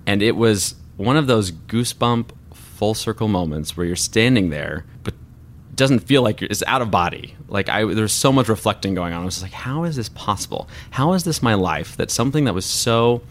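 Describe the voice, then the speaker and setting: Man, deep low voice, earnest, reflective, emotional interview storytelling. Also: animated, normal speed, a little hiss or hum. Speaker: voice actor and artist guest.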